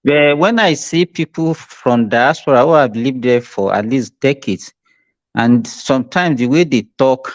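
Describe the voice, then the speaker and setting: A Nigerian man taking part in a casual discussion, making quick, assertive points. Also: medium pitch, expressive, lo-fi sound.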